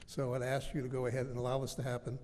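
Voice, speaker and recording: A man's voice: mid-range voice, monotone, racing, darkish tone. A man serving as town selectman, making an earnest, persuasive speech from the floor of a public meeting. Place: large town meeting hall. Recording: echoey hall, faint room noise.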